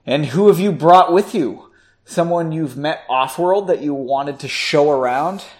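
A man's voice: fairly high pitch, measured pace, a little mellow, lightly acted. A man voicing a bitter black-haired woman who speaks sarcastically to a man she resents. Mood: sarcastic. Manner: sarcastic, cutting.

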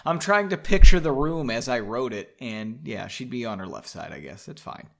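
A man's voice: mid-range voice, lively intonation, normal speed, gravelly, fairly bright tone. A man casually reading his own book aloud, mocking his writing and swearing freely.

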